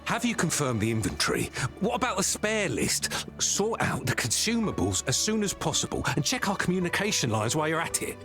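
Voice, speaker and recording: Stern military supply officer. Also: male voice, a little high, sing-song, fairly quick. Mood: grave. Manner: formal, commanding. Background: game music.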